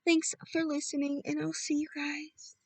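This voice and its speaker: A woman's voice: high-pitched, level tone, moderate pace, a little mellow, distant mic, low-quality recording. A woman reading a children's book aloud chapter by chapter, with casual asides to her listeners. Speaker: audiobook reader.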